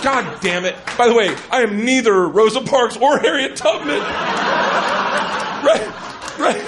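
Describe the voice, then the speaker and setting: A male stand-up comedian telling a crude, rambling, self-mocking story on stage, breaking into yelling bursts, in a live club recording with a loud crowd. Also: extremely high pitch, unhurried, noisy background.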